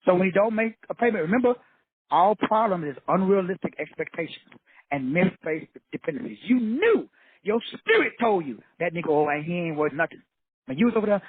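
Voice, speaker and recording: With a high, slightly rough voice, brisk delivery and big pitch swings, a motivational teacher lectures fierily and preachily, bluntly restating his points with profanity. It is recorded with a dry, tinny, phone-like quality and no echo.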